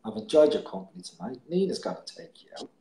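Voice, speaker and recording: A man co-hosting a poetry show, chatting and reading pieces aloud in a soft, dwelling way that sinks to near-whispers. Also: mid-range voice, sing-song, fast. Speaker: co-host. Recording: roomy echo, faint background noise.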